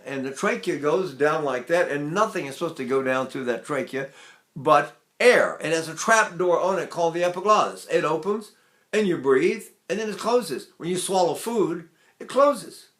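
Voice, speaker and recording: A man's voice: a little high, fairly bright tone. An older man teaching vocal technique, explaining in a loose, chatty way and singing short demonstrations.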